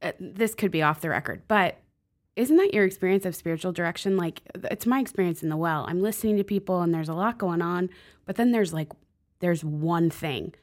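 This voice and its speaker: A woman co-hosting a casual talk, telling a story in a lively way and laughing easily. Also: on the low side, brisk. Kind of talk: casual chat.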